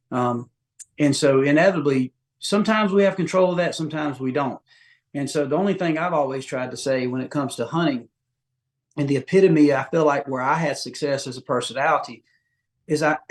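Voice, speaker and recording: A middle-aged man from Georgia with a Southern accent, a podcast guest telling folksy, animated stories and acting out quotes. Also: a little high. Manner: folksy, animated, acts out quotes with big voice jumps. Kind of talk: casual storytelling interview.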